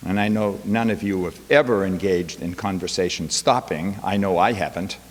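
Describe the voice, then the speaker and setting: A man's voice: deep voice, a little hiss or hum. A male professor giving a chapel talk, telling a classroom story with wry quoted asides. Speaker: guest speaker, professor. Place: college chapel. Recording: long hall reverb.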